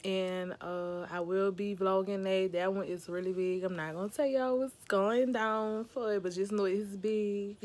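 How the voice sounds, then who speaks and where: A woman's voice: medium pitch, unhurried. A woman, chatting casually to her viewers from bed. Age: 30s. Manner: chatty, relaxed, addresses viewers as y'all. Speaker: vlogger mom. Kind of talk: casual vlog talk to camera. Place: at home in bed.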